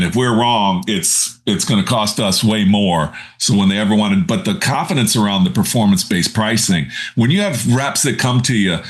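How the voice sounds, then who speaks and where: A middle-aged man hosting a podcast over a video call, asking long, enthusiastic questions that wander a bit. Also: on the low side. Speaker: podcast host. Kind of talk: casual podcast interview.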